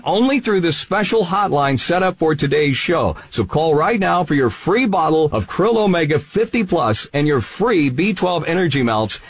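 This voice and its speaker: A man hosting a radio infomercial, an upbeat pitchman who slows down to read out details. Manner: upbeat pitchman, reads number slowly. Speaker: radio show host.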